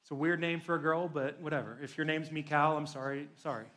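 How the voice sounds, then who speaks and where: A young man gives a youth sermon in a loose, animated storytelling way, with jokes to his teenage listeners. His voice sits high for a man. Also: fast talker. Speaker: youth pastor. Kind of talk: sermon to teens.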